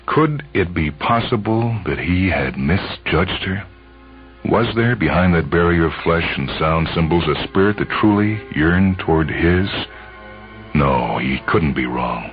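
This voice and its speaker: A man narrating a story in a measured, brooding way. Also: extremely low pitch. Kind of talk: dramatic audiobook narration. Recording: muffled lo-fi recording, faint music.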